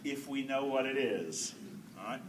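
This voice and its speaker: A man's voice: medium pitch, animated, moderate pace, heavy background noise. A man leading a choir rehearsal, coaching singers and singing demonstrations. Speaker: choral conductor. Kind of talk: choral rehearsal clinic. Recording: roomy hall from far off.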